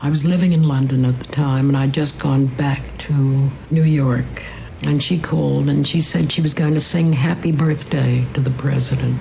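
A woman's voice: a bass voice, fairly even intonation, moderate pace, vocal fry, warm tone, a little hiss or hum, low-quality recording. An older woman reminiscing in an interview, reflective and tender as she tells her story.

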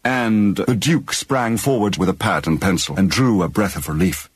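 A man's voice: low-pitched, moderate pace, slightly rough. A man rambling through a comic spoof of a mystery reading, mock-dramatic and tripping over his own words. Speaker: narrator.

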